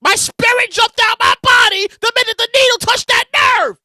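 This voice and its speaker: A man hosting his podcast, telling stories in a loud, animated casual monologue. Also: extremely high pitch, normal speed, no room sound, clean studio sound. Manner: animated, loud storytelling with bursts of shouting. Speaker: podcast host. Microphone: podcast mic with a soundboard.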